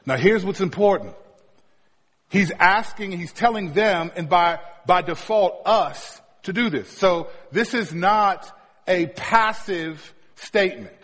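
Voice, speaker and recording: A male pastor delivers a sermon in a somewhat husky voice that sits a little high. He mixes storytelling with light humor for the congregation. A long reverb trails his words through the hall. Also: animated, a little slow, a bit bright.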